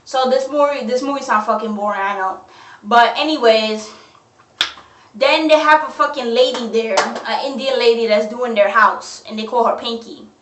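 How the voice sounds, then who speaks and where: A young woman tears into a horror film, cursing freely in casual slang. Her voice sits a little high. She is recorded on a phone set back from her in an echoey room. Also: normal speed, distant mic, background noise. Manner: profane, blunt, slangy. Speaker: movie reviewer. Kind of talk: ranting movie review.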